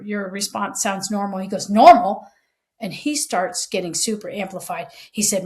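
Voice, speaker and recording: A middle-aged woman, a former police chief co-hosting a podcast, tells a story in casual chat, acting out the lines of the people in it and swearing freely. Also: mid-range voice. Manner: animated storyteller, acting out quoted lines, frank and profane.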